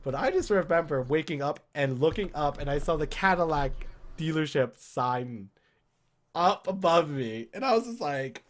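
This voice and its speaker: This podcast co-host, a young man from Canada, speaks at a normal speed in a slightly high voice. He animatedly spins a meandering tale about getting drunk, cursing along the way and performing his own lines.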